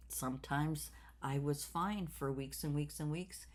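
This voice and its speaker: Slow-spoken woman in her sixties. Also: low-pitched. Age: 60s. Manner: slow, reflective, many fillers and repeats. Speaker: craft channel host. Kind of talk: personal vlog chat.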